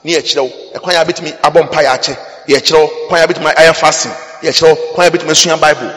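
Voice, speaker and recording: A man with a Ghanaian accent preaching a sermon, mixing English with Twi and breaking into sudden loud bursts. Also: on the high side, steady tone, quick pace, a little hiss or hum. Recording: long hall reverb.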